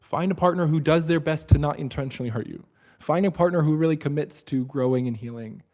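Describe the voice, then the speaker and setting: Mellow-voiced man, earnest and reflective. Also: fast. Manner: earnest and reflective, often drops to a soft low voice. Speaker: host of a book study livestream. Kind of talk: reflective livestream talk.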